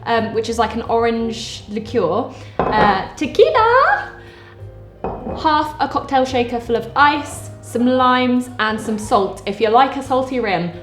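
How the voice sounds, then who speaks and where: A woman's voice: fairly high pitch, big pitch swings, slow pace, reverberant, music in the background. A woman talking casually through a home cocktail recipe step by step, joking as she goes, in a kitchen. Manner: chatty, jokey, explaining step by step. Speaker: vlogger. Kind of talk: casual cooking demo.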